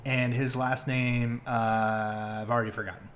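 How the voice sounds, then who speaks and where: A young man hosting a podcast, retelling stories in casual, excitable chat full of fillers and swearing. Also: mid-range voice, unhurried, slight background noise. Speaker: podcast host.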